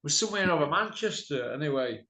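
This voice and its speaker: A middle-aged man telling a rowdy story in casual chat, mouthy and quick to laugh. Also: a little high, lively intonation, pushed and bright. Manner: mouthy, laughs a lot, slips into quoted voices. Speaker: podcast host. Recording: echoey room.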